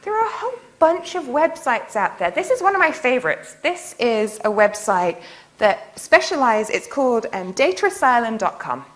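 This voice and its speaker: A woman lecturing in a university hall. Her voice is a little high and very animated as she jumps through stories with playful enthusiasm. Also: moderate pace. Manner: playful, enthusiastic storytelling with laughs. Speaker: nanotechnologist giving a public lecture. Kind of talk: lively public lecture.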